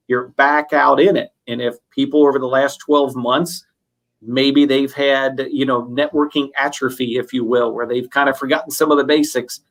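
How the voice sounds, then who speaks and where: A man co-hosting a sales webinar, talking through anecdotes in a relaxed, conversational way. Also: a little high. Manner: conversational, recounts anecdotes with fillers. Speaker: webinar co-host. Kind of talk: casual webinar chat.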